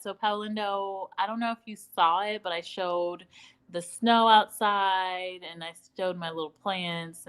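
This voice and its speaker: A woman's voice: medium pitch, rough recording. Chatty woman hosting a casual livestream. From Midwestern United States. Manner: chatty, animated, laughing, acting out quoted dialogue. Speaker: livestream host answering viewer comments. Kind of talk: casual live-stream chit-chat. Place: at home in Dallas.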